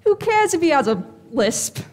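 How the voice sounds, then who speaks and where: A woman's voice: sits high, very animated, moderate pace, a little mellow, big-room sound. A woman playing a blunt, wisecracking fake fortune teller in a stage play. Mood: impassioned.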